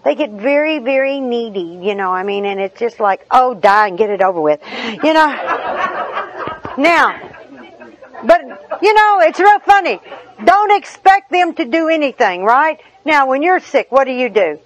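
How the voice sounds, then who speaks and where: A middle-aged woman gives a personal recovery talk at a meeting, telling her story in a humorous, chatty way with asides. Her voice is high with lively intonation and an unhurried pace, and the recording is rough.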